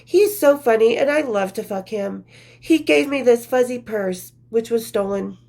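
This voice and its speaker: A woman's voice: a little high, measured pace, gravelly, darkish tone. A woman hosting her own show, reading from her old journals in a candid, profane, casual storytelling manner with laughing asides. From western United States.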